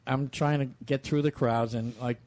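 A man's voice: mid-range voice, steady tone, normal speed, a little mellow. Rambling, self-mocking man telling stories. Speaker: regular panelist. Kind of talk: casual chat.

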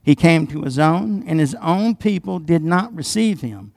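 A man preaching a sermon as pastor, dropping into quiet asides and rising loud and emphatic when he reads scripture, calling for responses from the congregation. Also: on the high side, animated, measured pace, gravelly, no room sound, clean studio sound.

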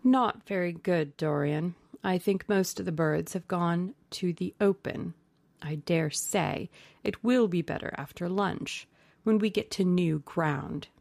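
A woman voicing a brusque, careless male country gentleman in a storybook reading, exclaiming. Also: lowish voice, a little slow, gravelly, no echo. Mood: casual.

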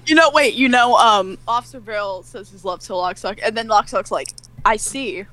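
Excited young woman chatting about her show. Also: on the high side, a little fast. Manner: excited, interrupts herself. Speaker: podcast co-host and cast member. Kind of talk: casual chat.

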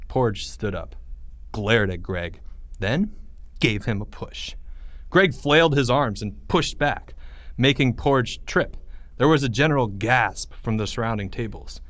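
A man with a mid-range voice reads his own children's story at a measured pace, expressively voicing each character in turn. This author and audiobook reader delivers scripted storybook narration in a dry recording.

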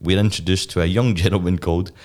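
Man, young, very low voice, excitable rambling podcast chat. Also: fast talker. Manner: rambling, excitable, with many restarts. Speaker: podcast co-host. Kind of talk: casual chat reviewing a TV episode.

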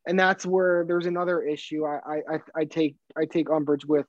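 Rambling man with a higher voice. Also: steady tone, fairly quick, no echo. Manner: rambling, many fillers and restarts, swearing freely. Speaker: podcast co-host. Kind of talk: casual sports podcast chat. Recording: dull, dry sound.

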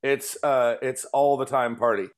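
A man in his forties hosting a podcast, telling a story in casual chat and acting out quotes in a high voice. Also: unhurried. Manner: animated, acts out quotes in a high voice. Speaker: podcast host.

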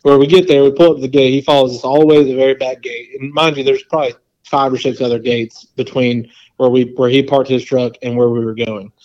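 A man's voice: medium pitch, fast, highs cut off. Rambling man telling a hunting story. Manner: rambling and animated, full of "like" and quoted asides. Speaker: podcast guest. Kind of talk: casual storytelling.

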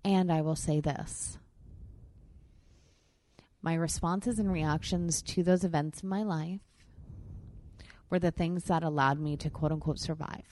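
A woman's voice: deep voice, steady tone, unhurried, long pauses, a little mellow. Profane, candid woman podcast host. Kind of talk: casual chat. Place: hot room.

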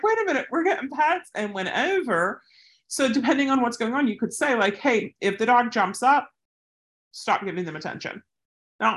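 A dog trainer giving casual training tips mixed with anecdotes, talking in a chatty way and acting out the people in the stories. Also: fairly bright tone. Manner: chatty, acts out quoted people with big pitch jumps.

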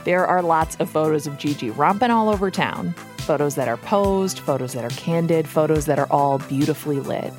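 A woman's voice: low-pitched, moderate pace, hardly any pauses, a little mellow. A woman with a Minnesota accent, hosting a podcast and narrating a scripted story in a wry, playful way. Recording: music bed under the voice.

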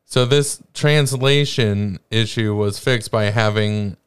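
A man on a podcast reading out trivia at an unhurried, drawn-out pace. His voice is smooth and clean, recorded dry and close, and his humor runs wry. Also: on the low side, no room sound. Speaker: podcast co-host. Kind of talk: casual chat, sharing trivia.

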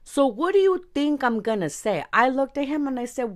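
A woman's voice: high-pitched, big pitch swings, normal speed, hardly any pauses. A woman in her forties from East Los Angeles, telling a personal story as a podcast host in a blunt, profane, casual way. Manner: blunt and profane, talks straight to listeners.

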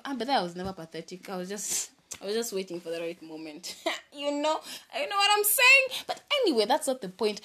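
A young woman with a Kenyan accent telling a story in a casual vlog, animated and mixing English with Swahili slang. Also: medium pitch, moderate pace. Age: young adult. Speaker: vlogger. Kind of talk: storytime chat.

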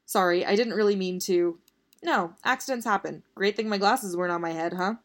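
A woman's voice: medium pitch, a little fast, natural voice. A woman reading as a cheeky young college guy. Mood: easygoing. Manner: relaxed, teasing. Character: cheeky easygoing young male college student.

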